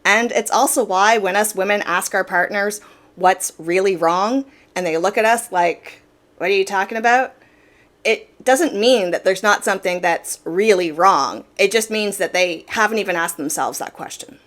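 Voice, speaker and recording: This woman's voice is mid-range and a little bright, moving at a moderate pace. Hosting an opinion commentary channel, she talks directly and casually, stressing ideas through repetition.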